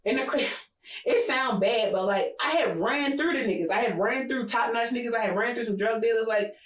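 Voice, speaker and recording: A woman's voice: a little high, moderate pace, roomy sound, low-quality recording. Candid, profane woman podcast co-host. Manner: candid, profane storytelling, animated laughs. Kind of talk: casual chat.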